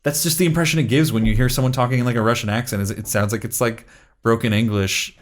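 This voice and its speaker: A man's voice: medium pitch, steady tone, quick pace. A young man co-hosting a casual movie review podcast, stammering through restarts and trailing off. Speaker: podcast co-host.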